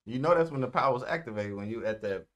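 A man's voice: mid-range voice, expressive, quick pace, a bit bright. A young man co-hosting a reaction video, laughing and exclaiming in casual slang banter.

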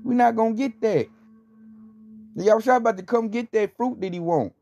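A man whose creaky, slightly mellow voice sits high speaks fairly quickly in an informal, wandering religious talk, heavy with fillers and scornful emphasis. The sound is described as dry and clean studio quality, yet also a dull lo-fi recording with faint music.

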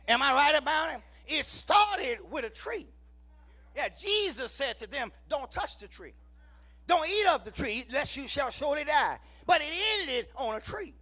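A man with a Southern US accent preaching a sermon in church, calling out to the congregation, shouting lines and then dropping low. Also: animated, moderate pace, faint music behind. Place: church sanctuary.

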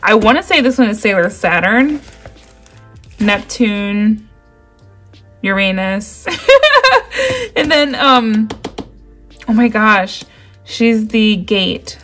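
A woman of medium pitch speaks slowly, leaving long pauses, her tone a bit bright. Indoors at a table, she vlogs a craft unboxing with gushing, exclamatory, excited chat aimed directly at viewers. Soft music plays in the background, and packaging crinkles.

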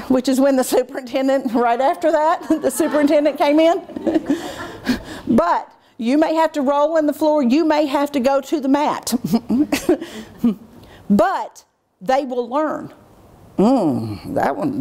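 A middle-aged woman presenting a teacher training workshop, lively, and acting out what she says to children in a lowered, measured voice. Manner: animated, acts out what she says to kids in a dropped, measured voice. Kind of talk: workshop lecture.

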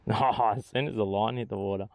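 A man's voice: fairly low pitch, steady tone, fairly quick, slight background noise. An Australian man on a boat outdoors, giving casual, chatty commentary as he fishes and talks to the fish he catches. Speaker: fishing vlogger.

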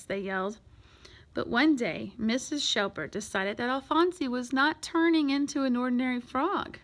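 A woman reading a children's picture book aloud in an expressive, lively way. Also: sits high, normal speed. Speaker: storyteller.

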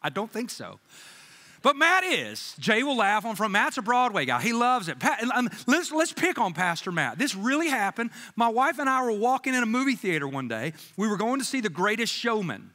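This pastor's voice sits high and keeps a normal speed as he preaches, telling his stories with animation, cracking jokes on the side, and imitating those he quotes. The sound carries the long reverb of the church sanctuary where he stands.

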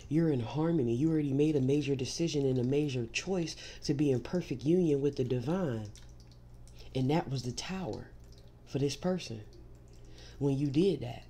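A woman's voice: very deep voice, mellow, a little hiss or hum. Woman giving an emphatic tarot reading. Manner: emphatic, repeats "see" to drive points home; reassuring, direct address to the listener. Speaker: tarot reader.

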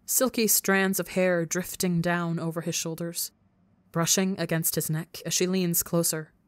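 Low-voiced woman narrating intensely. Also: fairly even intonation, unhurried, no room sound. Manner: intense, emotional reading. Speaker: podcast narrator. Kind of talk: audiobook narration of fan fiction.

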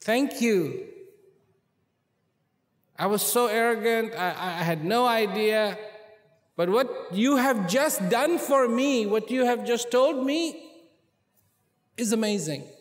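A man voicing a proud, hot-tempered king who demands answers loudly and indignantly, in a large hall before a live audience. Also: high voice, animated, slow, long pauses, voice pushed up. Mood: grateful. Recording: long hall reverb.

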